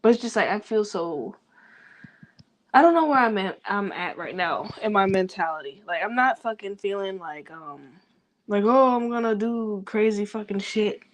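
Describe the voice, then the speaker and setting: A young woman venting in a rambling personal vlog, talking quickly, swearing a lot and talking to herself. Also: mid-range voice, animated. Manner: fast, rambling, heavy swearing, self-talk. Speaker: vlogger.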